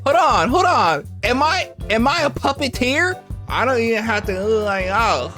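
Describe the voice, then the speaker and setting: Young woman, unhurried, lively pitch, chiming in with quick agreement, music playing behind. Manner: slow, reacting with short agreeing interjections. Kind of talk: casual chat.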